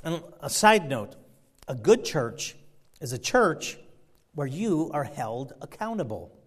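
A man preaching a sermon, fervent, swinging between loud emphasis and quiet asides. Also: on the high side, very animated, slow pace, breathy edge. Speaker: pastor.

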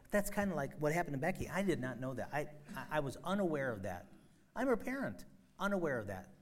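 A middle-aged man preaching a sermon as pastor, emphatic, with sudden loud rises and soft drops. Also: mid-range voice.

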